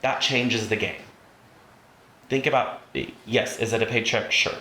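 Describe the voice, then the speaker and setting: A man's voice: medium pitch, steady tone, measured pace, pushed and bright. A man leading a training class for realtors, telling stories and acting out the voices of the people in them. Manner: storytelling, acts out quoted voices. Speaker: real estate trainer. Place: training room. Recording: roomy room with faint noise.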